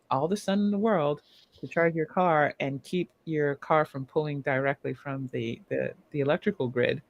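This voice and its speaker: A woman's voice: sits low, dry recording. A woman co-hosting a casual news discussion podcast, explaining points at length and laughing between them. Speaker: podcast co-host.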